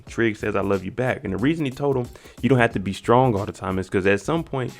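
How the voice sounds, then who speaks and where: A man casually recapping a TV episode, acting out the characters' lines in lively put-on voices. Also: fairly low pitch, creaky. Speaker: show recap host.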